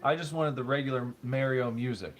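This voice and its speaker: A man's voice: medium pitch, brisk. Stubborn, dry-humored man on a stream. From United States. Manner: stubborn, dry, argues pronunciation. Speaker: livestream co-host. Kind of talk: casual banter on a livestream. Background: faint game music.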